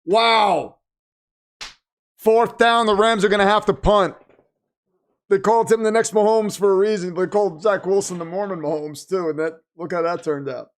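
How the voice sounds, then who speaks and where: Excitable high-voiced man hosting a game stream. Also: fairly quick. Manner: animated, exclaiming, reads chat aloud. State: losing his voice. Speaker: livestream host. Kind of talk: excited live game watch-party commentary.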